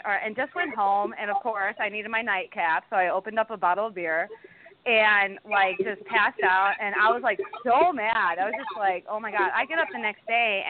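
A young woman guest telling a bad-date story in casual chat, animated and swearing. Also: fairly high pitch, a little hiss or hum. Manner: animated, swearing, acting out quotes. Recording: tinny phone-like line.

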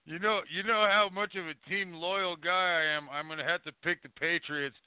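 A man's voice: high-pitched, fairly even intonation, moderate pace, smooth, no room sound. A man co-hosting a casual podcast chat, telling heated, profane stories and trading jabs. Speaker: podcast co-host. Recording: dry, phone-like tinny audio.

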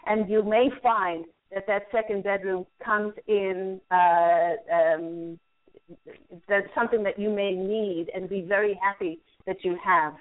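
Woman hosting a call-in reading, phone-line sound. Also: mid-range voice. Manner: repeats messages she says she hears, gentle reassuring advice. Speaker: radio show host and angel reader.

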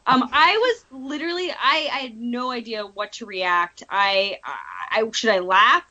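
A woman speaks as a documentary filmmaker guest on a podcast, recounting her work with frequent restarts. Her voice sits a little high, and the audio is slightly dull. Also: very animated, a little slow, pushed and bright. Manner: storytelling, with hesitant restarts. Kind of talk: casual interview conversation.

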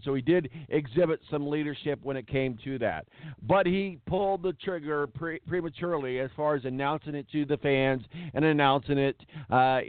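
A man's voice: mid-range voice, no echo. A man hosting a sports talk show, ranting bluntly and hammering words for emphasis. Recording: tinny phone-like dry sound.

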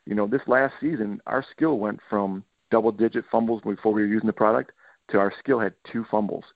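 Middle-aged man, football coach, gravelly low voice, tinny dry phone-like sound. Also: fairly quick, dry recording. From Michigan. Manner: animated storytelling, acts out players' quotes. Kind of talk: podcast interview.

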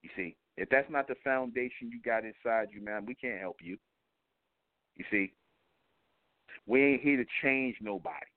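A man's voice: medium pitch, moderate pace, pauses often, no room sound. A man hosting an internet radio talk show, delivering a blunt, profane, preachy monologue and repeatedly asking his listeners "you see?". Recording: tinny phone-line audio, dry.

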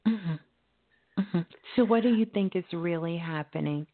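A woman hosting a call-in radio show, giving calm spiritual advice with folksy, chatty asides. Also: on the low side, moderate pace. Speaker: radio call-in host and psychic medium. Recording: phone-like narrow audio.

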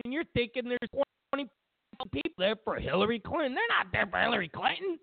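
A man's voice: very high-pitched, very animated, fast talker, vocal fry, no room sound. A man hosting political commentary, ranting with sarcastic, mocking jabs. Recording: tinny phone-like line, dry.

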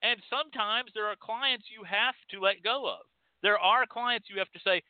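A man's voice: high voice, normal speed, few pauses, dry recording. A man with a Texan accent hosting a show, delivering an emphatic, scolding monologue. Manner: emphatic, scolding, with mocking quoted voices. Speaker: podcast host. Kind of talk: opinionated monologue. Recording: tinny phone-like line.

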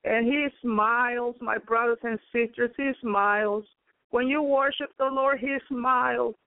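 A woman's voice: a little high, steady tone, measured pace, dry recording. A woman preacher giving a fervent spoken testimony, repeatedly breaking into praise. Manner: fervent, peppered with praise exclamations. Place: home in Chicago. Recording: dry, phone-like narrow sound.

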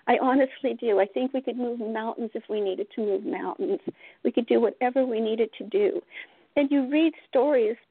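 A woman's voice: fairly high pitch, dry recording. Earnest woman telling a story over a phone line. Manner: earnest, heartfelt storyteller with light laughs. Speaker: guest author. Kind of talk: storytelling interview.

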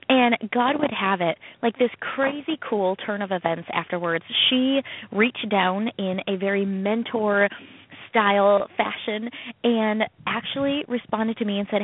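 A woman co-hosting a casual radio chat, telling a story in an animated way and acting out quoted voices. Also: medium pitch, unhurried. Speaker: co-host, comedian. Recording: tinny phone-like radio sound.

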